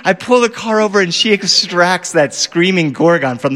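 A middle-aged man telling a story live, animated, acting out voices and bursting into shouts. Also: sits high, moderate pace, few pauses. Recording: live hall reverb.

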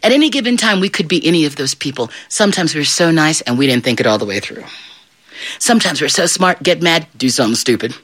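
Storyteller, middle-aged, live audience, playful, bright, lively pitch. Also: quick pace. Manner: animated, playful, asks the audience questions.

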